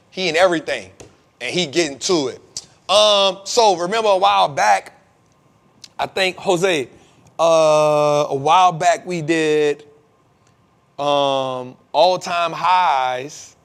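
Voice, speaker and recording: A man's voice: fairly high pitch, measured pace, vocal fry, long pauses. Slangy laid-back male show host. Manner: laid-back slangy talk, many fillers. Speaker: host of a live investing show. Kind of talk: casual live-stream Q&A.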